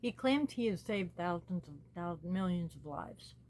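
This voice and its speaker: A woman from the United States, talking slowly and earnestly as host of her own small channel, pleading with her listeners. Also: lowish voice, lively intonation, a little mellow. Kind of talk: personal spoken commentary.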